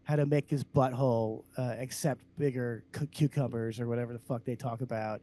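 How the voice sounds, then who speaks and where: A man co-hosting a comedy podcast, ranting loudly and sarcastically with heavy profanity. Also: mid-range voice, steady tone, a little fast. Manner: loud, abrasive, sarcastic. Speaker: podcast co-host.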